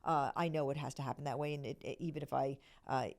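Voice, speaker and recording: A middle-aged woman hosts a podcast with a very deep voice, fairly even intonation and a quick pace. She earnestly explains a self-discovery method in a conversational, teaching way, often checking in with "okay?" and slipping into soft whispered asides.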